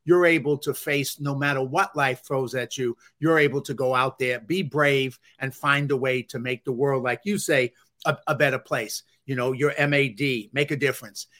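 A man with a deep Bronx New York accent, a guest on an interview show, talking in an earnest, upbeat way with frequent fillers. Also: fairly even intonation, normal speed, fairly bright tone. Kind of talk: conversational interview.

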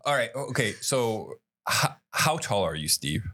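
A man's voice: medium pitch, sing-song, a little slow, bright, forceful tone. A man hosting a podcast in casual chat, swearing freely with lots of fillers. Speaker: podcast host.

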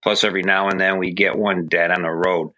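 A man's voice: deep voice, little pitch movement, a little fast, bright, forceful tone. A man with a New York accent, from upstate New York, leaving an effusive, friendly voicemail question for a hunting show. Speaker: listener calling in.

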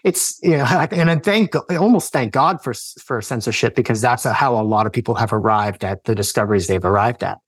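A man in his thirties recounting a turning point in his life as a podcast guest. He talks earnestly and rambles, stopping and restarting his sentences with lots of fillers. His voice sits at an ordinary pitch and is recorded close and dry, with no room echo. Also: brisk, few pauses, breathy edge. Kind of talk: personal storytelling in casual chat.

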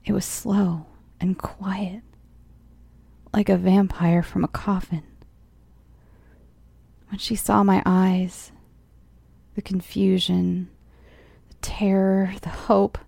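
A woman narrating a first-person horror story in a measured way, often dropping to a tense whisper. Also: medium pitch, level tone, vocal fry, warm tone, no echo. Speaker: audiobook narrator.

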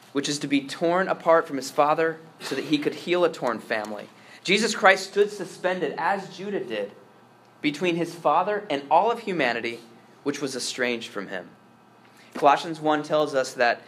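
A priest preaching a sermon, earnest and emphatic, repeating words as he restarts and swinging from strong stresses to hushed asides. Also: a little high, slight background noise.

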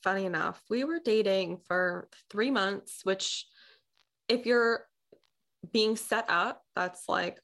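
A woman's voice: mid-range voice, gravelly. A young woman chatting casually as a guest, telling a personal story and acting out the other people's lines with laughs. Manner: animated, acts out quoted dialogue with laughs.

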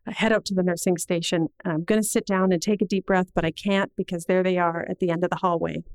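A middle-aged woman telling a personal story to an audience in an earnest, measured way, slowing down at the heavy moments. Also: lowish voice, fairly even intonation, a little mellow, clear, resonant tone, dry recording, poor audio.

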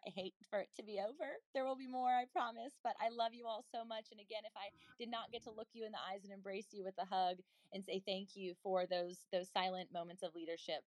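A woman's voice: mid-range voice, darkish tone, no room sound, low-quality recording. A woman hosting a faith-based audio chat room, effusive and affectionate as she thanks the people who speak. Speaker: host.

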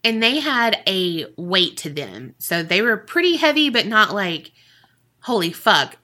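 Woman, podcast co-host, casual profane storytelling, bright tone, slow pace. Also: mid-range voice, big pitch swings. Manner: profane, giggly, full of "like" and "you know".

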